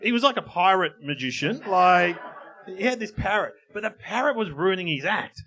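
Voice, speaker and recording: Male co-host, rambling joke-teller, animated and slightly high voice. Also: normal speed. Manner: rambling joke-telling, laughs often. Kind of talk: live comedy podcast banter. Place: pub in front of a live audience.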